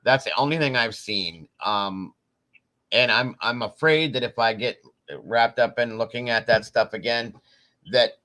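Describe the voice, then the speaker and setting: A man hosting a casual live-stream chat, relaxed and rambling, often pausing on "um" and laughing. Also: medium pitch, low-quality recording. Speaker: host.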